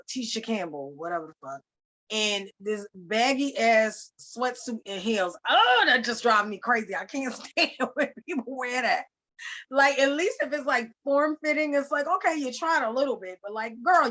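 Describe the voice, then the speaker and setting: A woman hosting a podcast, telling a story in animated, slangy casual chat with some swearing. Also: medium pitch. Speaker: podcast host.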